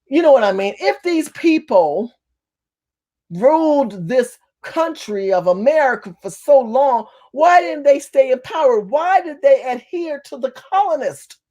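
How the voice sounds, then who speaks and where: A woman telling a story to her camera in an animated, emphatic rant, with some cursing. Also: high-pitched, measured pace, dull audio. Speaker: vlogger. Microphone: phone or camera facing her.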